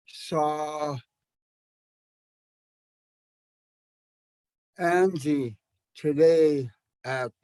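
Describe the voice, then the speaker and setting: Slow-speaking man teaching a language class. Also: a little high, mellow, dry recording. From Canada. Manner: slow, thoughtful, with many fillers and restarts.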